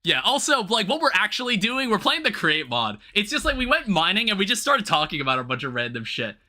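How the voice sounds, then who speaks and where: Bright, lively young man streaming. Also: sits high. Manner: rambling, swearing, quick to laugh. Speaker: livestreamer. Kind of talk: casual gaming stream chat.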